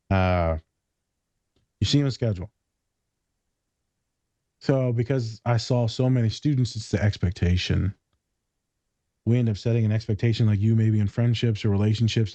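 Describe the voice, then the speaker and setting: A man's voice: on the low side, moderate pace, pauses often, warm tone, no echo. A man hosting a casual podcast chat, telling stories bluntly and swearing freely. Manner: blunt, profane storytelling. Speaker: podcast host. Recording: slightly dull lo-fi recording.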